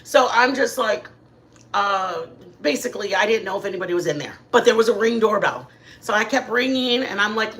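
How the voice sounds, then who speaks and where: A middle-aged woman hosting a casual livestream from her living room, telling rambling, animated stories to her chat. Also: a little high. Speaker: channel host.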